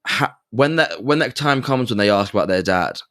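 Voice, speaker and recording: A man's voice: fairly low pitch, lively intonation, normal speed, fairly bright tone, no echo, clean studio sound. A man hosting a podcast, asking earnest, careful questions in a casual and somewhat hesitant way. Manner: earnest, hesitant, stumbles over words. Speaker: podcast host. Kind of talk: interview questions in casual chat.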